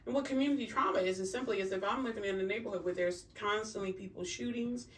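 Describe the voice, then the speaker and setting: A woman therapist talking in an animated, filler-heavy conversational way. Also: medium pitch, fast, recorded from a distance, a little hiss or hum. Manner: animated, uses many fillers. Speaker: therapist guest. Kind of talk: casual conversation.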